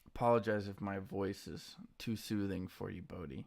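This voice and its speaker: A tired man streaming his stock trades, talking in a quiet, subdued morning voice and reading out viewers' names in a laid-back way. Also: deep voice, fairly even intonation, moderate pace, creaky. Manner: laid-back, reads chat names aloud. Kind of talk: casual live-stream chat.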